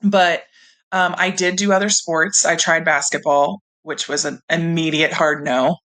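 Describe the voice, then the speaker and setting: Bright-voiced chatty woman from California. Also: low-pitched, unhurried, poor audio. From San Diego, California. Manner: animated, chatty, many fillers like "um" and "like". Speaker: guest, professional volleyball player. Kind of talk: casual storytelling in an interview.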